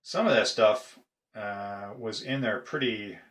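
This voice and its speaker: Slow, halting middle-aged man. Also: fairly low pitch, fairly bright tone. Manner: halting, with frequent "uh" pauses. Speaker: padlock collector. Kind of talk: casual show-and-tell video. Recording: echoey room.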